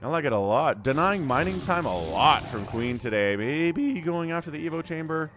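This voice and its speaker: Man, game caster, excitable, chatty livestream commentary, very lively pitch, faint background music. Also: normal speed. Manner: excitable, chatty, reads out viewer chat.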